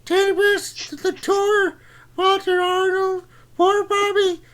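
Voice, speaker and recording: A man doing a very high, squeaky voice as a cheery male Christmas poo character, shrill and giggly. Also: flat delivery, takes it slowly, a bit bright, full character voice. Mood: jolly. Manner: shrill, giggly, rowdy and crude. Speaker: live stream co-host.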